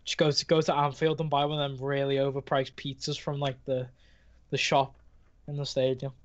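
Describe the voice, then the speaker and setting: A man from Liverpool with a Scouse accent, co-hosting a football chat and laughing often between quick remarks. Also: medium pitch, completely flat delivery. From Liverpool, England. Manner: laughs often, quick mate-laced chatter. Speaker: co-host. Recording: dull lo-fi call audio.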